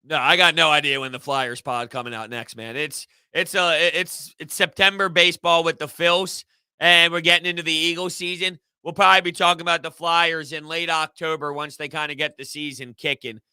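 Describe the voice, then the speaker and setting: A man hosting a casual live sports stream, answering chat in an animated, rambling way. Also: fairly high pitch, fairly quick, smooth, no echo. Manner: animated, rambling, repeats himself. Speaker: sports podcast host reading live chat.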